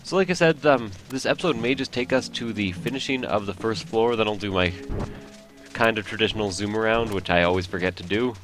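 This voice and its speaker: A man's voice: fairly low pitch, a little fast, fairly bright tone, soft background music. A man whose first language is French, rambling and joking at his own expense while commenting on a video game. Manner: rambling, joking, self-mocking. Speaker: let's play host.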